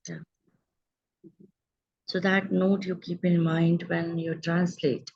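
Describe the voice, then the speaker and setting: A woman teaches an online grammar lesson. Her voice is low and husky and carries a gravelly edge. She explains patiently and checks in with her students, and the audio sounds dull and lo-fi. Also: little pitch movement, slow pace.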